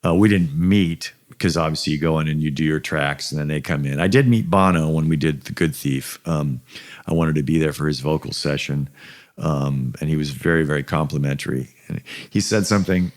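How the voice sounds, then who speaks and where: Older american guy, real deep voice, lots of ums and restarts, casual interview chat. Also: brisk. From USA. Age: 60s. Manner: rambling, many fillers and restarts. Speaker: guest musician.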